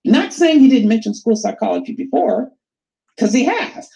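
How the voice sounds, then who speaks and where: A woman co-hosting a live call-in show, speaking firmly and emphatically, in a measured way. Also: on the high side, sing-song, gravelly, dark tone, low-quality recording.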